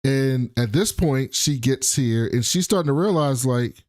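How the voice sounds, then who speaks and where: A man's voice: mid-range voice, animated, measured pace, hardly any pauses, darkish tone, dry recording, studio quality. A young man co-hosting a casual recap chat, telling the story with energy and acting out the characters' lines. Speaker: podcast co-host.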